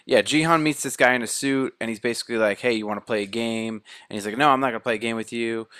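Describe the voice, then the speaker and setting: A man's voice: mid-range voice, fast talker, a bit bright, clear, resonant tone, dry recording, clean studio sound. A man in casual chat, chiming in and finishing his co-host's sentences. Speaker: co-host.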